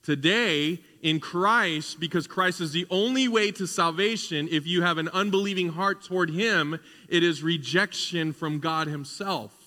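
A man's voice: a little high, a little slow, hardly any pauses, sharp tone, long reverb tail. A man preaching a sermon as pastor, conversational at times and building to fervent emphasis.

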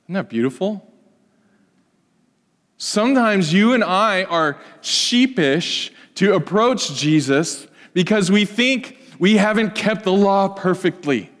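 A man preaching a sermon as pastor, swinging between loud emphatic passages and soft hushed ones. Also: fairly high pitch, slow, long pauses. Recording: long hall reverb.

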